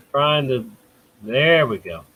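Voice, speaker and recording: A man's voice: mid-range voice, bright, forceful tone, breathy edge, low-quality recording. A talk show host on a call with headphones, chatting casually and mumbling while he clicks around.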